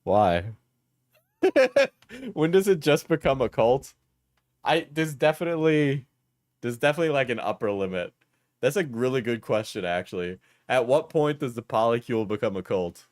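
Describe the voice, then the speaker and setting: A man's voice: medium pitch, lively intonation, normal speed, no echo. Laughing Australian man, dry sound. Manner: laughing, joking asides. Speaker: commentary streamer. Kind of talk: reaction commentary.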